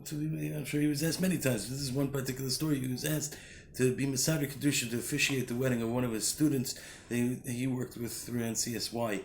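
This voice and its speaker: A man's voice: medium pitch, gravelly, reverberant, slight background noise. A man giving a short weekly Torah talk, telling a story in an earnest way and often restarting his sentences. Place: Jerusalem.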